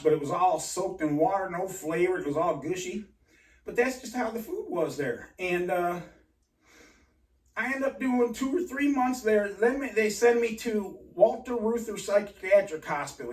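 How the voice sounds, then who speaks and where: A man telling a rambling personal story in an agitated, halting way, full of restarts and swearing. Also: sits high. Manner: profane. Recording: roomy and distant from mic.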